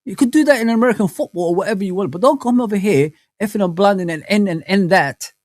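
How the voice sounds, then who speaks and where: Male streamer, a touch higher pitched than most men, animated and rambling, close dry mic. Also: quick pace, no echo. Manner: animated, rambling, heavy on slang fillers like bro and man. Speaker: host of a live football fan chat. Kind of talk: casual live-stream chat, reading comments aloud.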